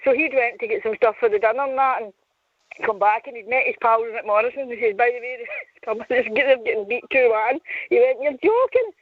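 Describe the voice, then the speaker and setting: A woman phoning in to a radio show, chatty and quick to laugh as she tells a story. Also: fairly high pitch, fairly even intonation, breathy edge, dry recording. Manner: chatty, laughs often while telling a story. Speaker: caller. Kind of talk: casual call-in chat. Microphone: phone. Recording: tinny phone line.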